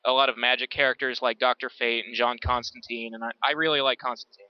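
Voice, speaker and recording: Male podcast co-host, American, mid-pitched, casual and searching; dry, muffled mic. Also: flat delivery, fast talker, clean tone, no echo. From United States. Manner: thoughtful, restarts sentences, many "like"s. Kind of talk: casual chat.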